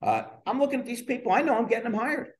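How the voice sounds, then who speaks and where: A man's voice: very high-pitched, expressive, very fast. A middle-aged man co-hosting a casual chat, who talks in a rhetorical, coaching tone. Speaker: podcast co-host.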